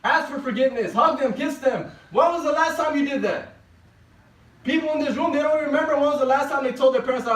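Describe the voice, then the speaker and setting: A man delivering a Friday sermon as preacher, pressing the congregation with rapid rhetorical questions. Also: very high-pitched, fairly bright tone. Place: mosque prayer hall. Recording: echoey hall, distant mic.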